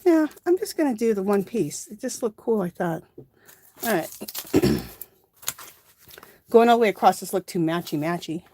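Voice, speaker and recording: A woman's voice: medium pitch, expressive, normal speed, long pauses, dark tone, no echo. Chatty woman hosting a craft livestream. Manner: chatty, rambling, thinks aloud while working. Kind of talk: casual crafting livestream chat. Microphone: phone.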